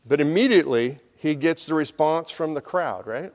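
Middle-aged male pastor, fairly high voice, easy storytelling sermon, long reverb of a church hall. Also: expressive, normal speed. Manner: conversational, storytelling preaching with acted crowd voices.

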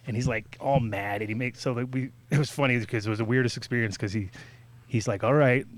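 An animated man spins a story in casual chat, swearing freely and jumping into quoted voices. His pitch sits in the middle for a man, and his pace changes with the story. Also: brisk. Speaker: podcast guest telling a story.

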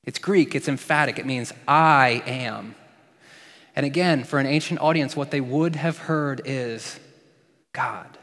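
A man's voice: mid-range voice, measured pace, fairly bright tone, big-room sound. A man preaching a sermon as a pastor, playful and joking with asides.

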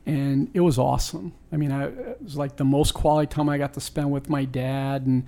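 His voice is mid-range and mellow with vocal fry, and he talks fairly quickly. He's a New York sports team owner in his sixties, sharing a personal story in an interview, reflective and sincere, repeatedly restarting what he's saying.

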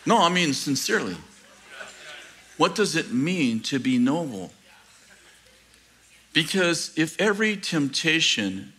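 A middle-aged man preaching a sermon to his church, animated and joking with the congregation, asking rhetorical questions. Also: a little high, husky. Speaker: pastor. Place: church sanctuary.

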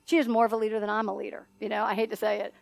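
Racing through a sermon story, a middle-aged woman minister laughs often and acts out the voices with animated energy. She speaks at medium pitch with vocal fry, and there's no room sound.

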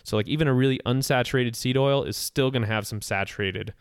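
A man hosting a podcast, explaining nutrition in a relaxed, steady way with casual fillers. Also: mid-range voice, fast, smooth, dry recording, studio quality.

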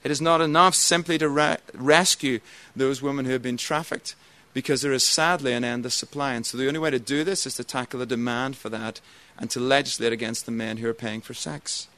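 A man's voice: mid-range voice, steady tone, pushed and bright. Man giving a debate speech. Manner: measured, argumentative, persuasive. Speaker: church member speaking in a debate.

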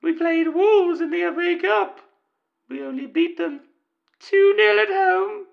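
A man voicing an angry woman football fan who complains in a shrill voice. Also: measured pace, gravelly, dull audio, full character voice. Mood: annoyed.

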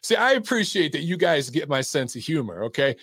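A man's voice: fairly high pitch, very animated, brisk, gravelly, fairly bright tone, no room sound. A man hosting a live call-in show about boxing, talking casually and bluntly with plenty of swearing as he reads the chat and takes calls. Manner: blunt, profane and laid-back.

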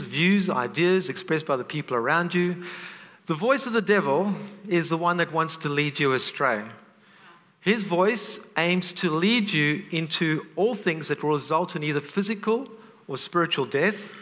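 Earnest middle-aged man with a bright voice. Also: on the high side, expressive, normal speed, in a large hall. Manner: earnest, heartfelt, openly emotional. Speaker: Christian teacher. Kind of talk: faith teaching with personal story.

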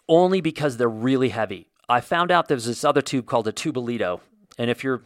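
Male podcast host, solo monologue, mid pitch, blunt opinionated ranter, dry close recording. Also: a bit bright, dry recording. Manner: blunt, opinionated, ranting with mild swearing.

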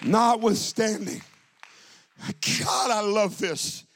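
A man with a high voice preaching a Pentecostal sermon and a lilt. He talks to the congregation in a joking, conversational way, then climbs into loud, stretched-out preaching. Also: slow pace, a little hiss or hum. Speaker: pastor.

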